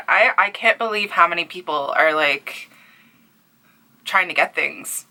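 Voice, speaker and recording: A young Canadian woman with a Newfoundland accent talks to her viewers from home. Her voice is bright and sits a little low, and she is breathless and overwhelmed, sighing often and sometimes sinking to a near-whisper. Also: normal speed. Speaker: crochet artist and small business owner. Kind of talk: excited casual vlog.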